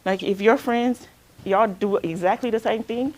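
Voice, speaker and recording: A woman's voice: mid-range voice, normal speed. Woman counselor leading a workshop. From Alabama. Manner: conversational, keeps asking "right?". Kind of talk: workshop talk with group sharing.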